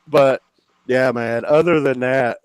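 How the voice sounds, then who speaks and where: A man guesting on a podcast, telling a story in a lively, profane, casual way. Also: mid-range voice, no room sound. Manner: animated, profane, mimics others.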